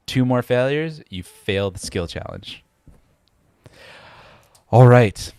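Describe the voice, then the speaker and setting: A man narrating as game master of a tabletop game, pausing often with fillers and restarting his sentences. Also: medium pitch, animated, a little mellow, clean tone, no echo. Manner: hesitant, many fillers and restarts.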